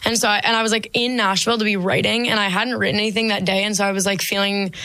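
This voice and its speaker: A woman's voice: mid-range voice, little pitch movement, fast talker, pushed and bright, dry recording. A young woman, a singer-songwriter guest, chatting casually in an interview and rambling with many fillers.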